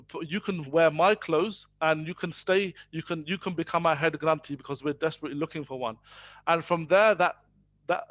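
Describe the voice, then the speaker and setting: A man's voice: on the high side, fairly bright tone, dry recording. Chatty man telling a faith story. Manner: conversational, many fillers, switches between English and Punjabi. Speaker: speaker telling faith stories. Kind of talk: storytelling talk to an audience.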